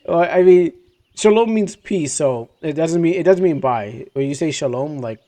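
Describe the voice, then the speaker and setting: A man's voice: on the high side, animated, normal speed, warm tone. A man streaming a game live, chatting and commenting with many restarts.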